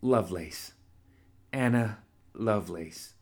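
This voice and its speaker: A defiant young woman inventor in pain, read by a man, answering in curt, strained bursts. The voice stays low and plain, barely changed. She sounds like a storybook heroine holding on. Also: slow, a little mellow. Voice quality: terse, clipped, strained. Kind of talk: audiobook character reading.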